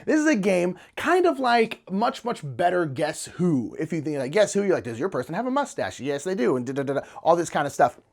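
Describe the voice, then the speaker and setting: A man's voice: sits high, very animated, brisk, creaky, hardly any pauses. A man casually and enthusiastically reviewing board games in a chatty vlog, with plenty of fillers.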